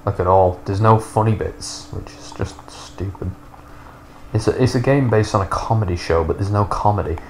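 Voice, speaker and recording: A man's voice: fairly low pitch, fairly quick, hardly any pauses, a little mellow, a little hiss or hum. A man in his thirties giving sarcastic, sweary, rambling commentary while playing a video game. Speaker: gaming YouTuber. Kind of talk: casual gameplay commentary.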